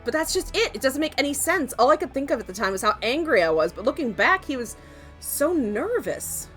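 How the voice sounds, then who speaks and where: A woman voicing a young actress turned sleuth in a game, thoughtful and quiet. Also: high-pitched, big pitch swings, brisk, faint music behind, voice pushed up. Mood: troubled.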